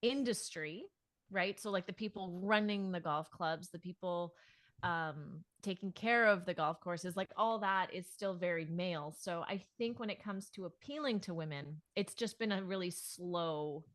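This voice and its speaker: A woman's voice: lowish voice, moderate pace, fairly bright tone, no room sound. A woman co-hosting a podcast, talking casually, thinking aloud with fillers and laughing easily. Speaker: podcast co-host.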